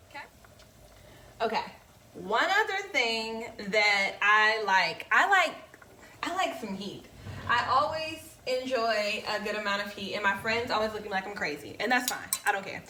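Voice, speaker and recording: Bright-voiced woman chatting through a recipe. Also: a little high, roomy sound, slight background noise. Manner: chatty, playful, talks straight to viewers. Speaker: home cooking vlogger. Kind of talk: casual cooking demonstration. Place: home kitchen.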